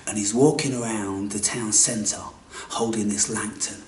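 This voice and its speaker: Theatrical man, slow, in an echoey room. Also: lowish voice, fairly even intonation, a little hiss or hum. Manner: theatrical, swinging from hushed whispers to loud outbursts; blunt, swears casually. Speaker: spiritual speaker. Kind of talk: spiritual monologue. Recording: echoey room, mic far off.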